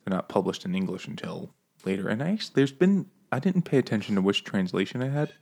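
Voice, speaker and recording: A fairly low-voiced man in his thirties co-hosts a casual chat over beers. He rambles, restarts, and laughs often at his own jokes. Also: big pitch swings, fast talker, gravelly, darkish tone. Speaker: podcast co-host.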